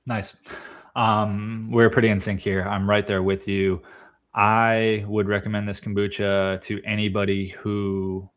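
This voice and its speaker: Playful low-voiced male co-host. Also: flat delivery, unhurried. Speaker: podcast co-host. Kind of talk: casual chat.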